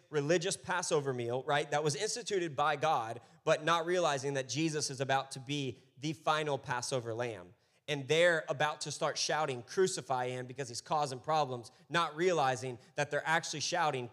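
A man in his thirties preaching a sermon as pastor, telling stories and acting out voices with animation. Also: a little high. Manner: animated storytelling, acts out voices.

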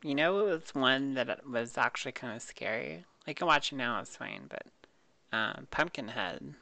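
Gravelly man, eager casual chat. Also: mid-range voice, lively intonation, normal speed, bright, forceful tone, no echo. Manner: enthusiastic, chimes in with short recommendations. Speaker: podcast co-host.

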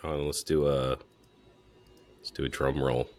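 A man with a strikingly deep voice co-hosting a casual podcast. He talks in a relaxed, agreeable way. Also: measured pace, heavy background noise. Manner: laid-back, agreeable. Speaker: podcast co-host.

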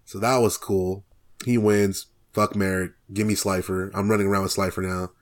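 A young man with a slightly low voice co-hosts a casual podcast. His talk is slangy and profane, and he keeps it joking and loose. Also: flat delivery, moderate pace. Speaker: podcast co-host. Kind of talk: casual chat.

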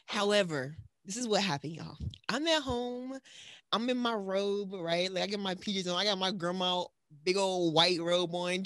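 A woman co-hosting a podcast, chatting casually and telling animated stories with frequent laughter. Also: on the low side. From USA. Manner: animated storytelling, laughs often. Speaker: podcast co-host. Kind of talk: casual chat.

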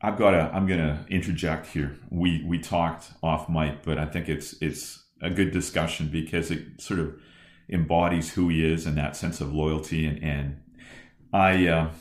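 A man's voice: very deep voice, moderate pace. A man in his fifties, a podcast host and former football coach, telling stories in conversation with many restarts. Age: 50s. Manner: animated storyteller with many restarts. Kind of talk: conversational storytelling. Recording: roomy echo.

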